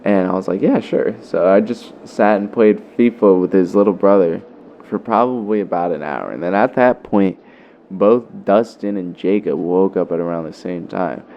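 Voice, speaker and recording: Low-voiced young man telling a story. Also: normal speed, dull audio, a little hiss or hum. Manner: loose, profane, with many fillers. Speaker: vlogger. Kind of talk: casual storytelling.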